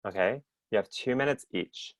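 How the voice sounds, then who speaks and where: A man's voice: fairly low pitch, normal speed, no echo. A man leading an interactive online workshop over a video call, upbeat and chatty, often checking in with the group. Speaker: workshop presenter.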